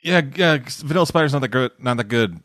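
A man's voice: mid-range voice, expressive, fairly quick, a bit bright, no echo. A man from Canada rambling through a manga recap on a casual podcast, cursing freely along the way. His voice sits in a middle register, and the recording is dry and close with no room sound. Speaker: podcast co-host reviewing manga. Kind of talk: casual chat.

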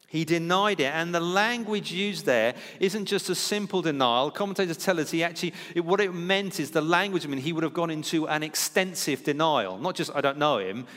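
A man's voice: fairly high pitch, a little fast, hardly any pauses, a bit bright, big-room sound. A man preaching a sermon in a conversational teaching style, acting out the lines he quotes. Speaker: pastor.

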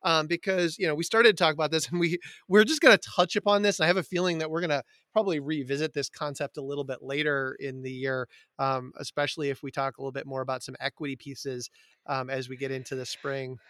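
A man's voice: a little high, steady tone, quick pace, a bit bright, no echo, clean studio sound. A middle-aged man hosting a casual chat, talkative with frequent fillers and laughs. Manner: chatty, laughs often, many fillers. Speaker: podcast host, teacher.

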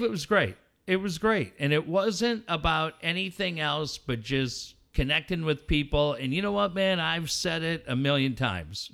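Animated, bright-voiced middle-aged man. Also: fairly high pitch, gravelly, clean tone. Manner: animated storyteller acting out dialogue, swears freely. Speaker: radio co-host. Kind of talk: casual on-air banter.

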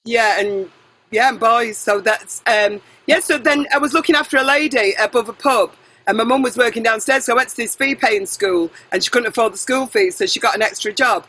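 A middle-aged woman singer being interviewed, chatty and animated, jumping between tangents and correcting herself. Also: on the high side, a little fast, slightly rough, low-quality recording. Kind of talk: casual interview chat.

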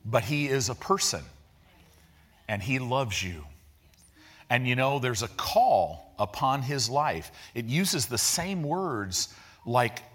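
A pastor delivering a sermon in an easygoing, chatty manner, mixing slang into his teaching. He often slows down to stress a point, then speeds into excited bursts. His voice sits at an ordinary middle pitch for a man. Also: breathy edge. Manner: conversational preaching with slang and vivid retellings.

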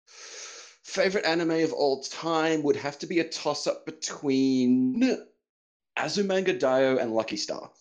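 Slow, laid-back Australian podcast guest. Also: mid-range voice. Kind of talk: casual interview chat.

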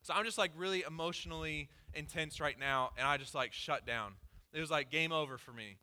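A pastor giving a conversational sermon, candidly telling a personal story with lots of "like" fillers. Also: male voice, on the high side, a little fast, bright, forceful tone. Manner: casual and candid, peppered with "like".

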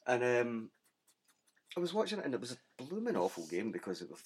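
A man's voice: mid-range voice, huge pitch swings, fairly quick, husky. A man chatting casually, telling a rambling anecdote with frequent ums and restarts. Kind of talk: casual chat.

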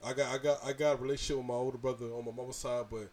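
A man's voice: mid-range voice, level tone, racing, a crowd in the background. A man in his mid-thirties hosting a podcast, slangy and swearing, stammering as he gets emotional and teary. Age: 30s. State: emotional, tearing up. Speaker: podcast host. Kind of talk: casual podcast chat.

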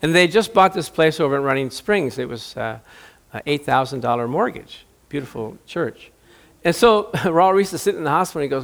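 A middle-aged man preaching a sermon in a lively, joking way, acting out the voices of Bible figures. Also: high-pitched, a little fast. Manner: animated, jokey, acts out Bible voices.

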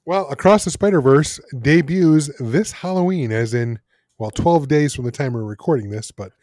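A man's voice: on the high side, normal speed, a little mellow, dry recording, clean studio sound. A man co-hosting a casual podcast, talking film news in a wry, teasing way. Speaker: podcast co-host. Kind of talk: casual chat.

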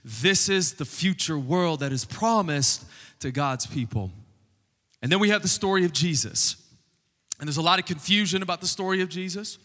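Bright-voiced pastor in a reverberant hall. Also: male voice, high voice, moderate pace. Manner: conversational, joking asides to the congregation. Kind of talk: sermon. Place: church sanctuary.

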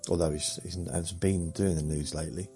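A man, rambling slowly through a meandering bedtime monologue with muttered asides that trail off. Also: sits low, fairly even intonation, mellow, faint music behind. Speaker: sleep podcast host.

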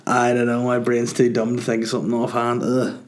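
Speaking fairly quickly in a mid-range voice with a completely flat delivery, this podcast comedian is recovering from a cold. His monologue rambles, full of swearing and self-mockery, and he laughs at his own jokes.

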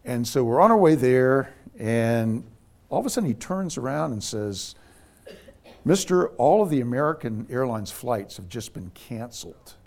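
A middle-aged man recounting a family story with lively, conversational energy. His voice sits at an ordinary middle pitch. He slips into the voices of the people he quotes as he tells it. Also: normal speed, creaky. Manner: animated anecdote teller, voices quoted people. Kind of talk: casual storytelling.

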